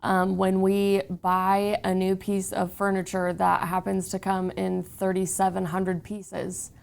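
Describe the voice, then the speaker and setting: A woman's voice: mid-range voice, completely flat delivery, takes it slowly, vocal fry, darkish tone, a little hiss or hum. A woman hosting a podcast, conversational and agreeable in casual chat. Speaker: podcast host.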